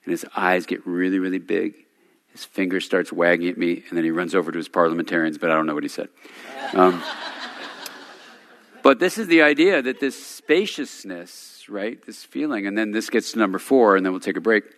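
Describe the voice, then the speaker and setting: Brief: male retreat teacher, lowish voice, casual storytelling, long hall reverb. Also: little pitch movement, fast, fairly bright tone. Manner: informal, storytelling, chuckling asides. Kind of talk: talk at a day retreat. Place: meditation center hall.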